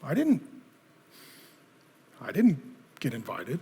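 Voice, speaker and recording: Brief: preacher doing a quiet, measured Jesus with firm authority, big reverberant hall. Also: male voice, medium pitch, huge pitch swings, husky, pitched below the performer's own voice, exaggerated voice. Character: calm authoritative man as Jesus.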